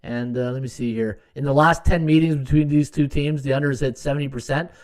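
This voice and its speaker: His voice is mid-range and darkish, with fairly even intonation and a quick pace. Hosting a live sports betting podcast, he wanders through statistics with many fillers and restarts, at times muttering under his breath while verifying numbers.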